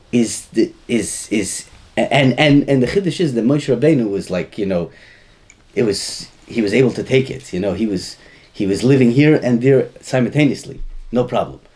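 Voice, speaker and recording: A man's voice: medium pitch, a little mellow. A man giving an informal Torah class, rambling and chuckling as he mixes in Hebrew and Yiddish terms. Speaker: Torah teacher.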